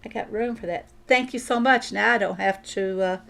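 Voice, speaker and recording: A woman's voice: medium pitch, moderate pace, gravelly, a bit bright. A woman chatting casually while she plays a farming game on stream, thinking aloud and answering viewers. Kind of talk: casual gameplay commentary.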